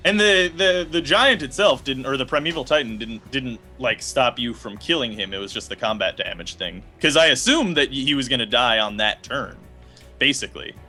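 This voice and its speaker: Young man, bright forceful voice, rambling casual game chat, curses. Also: mid-range voice, moderate pace, faint music behind. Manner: rambling, trails off, swears. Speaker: player.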